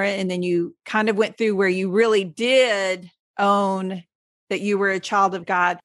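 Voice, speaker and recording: A woman's voice: medium pitch, flat delivery, a little slow, a bit bright, dry recording, studio quality. A woman from Texas, hosting a faith podcast interview in an enthusiastic, emphatic and encouraging way. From Texas, USA. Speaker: podcast host.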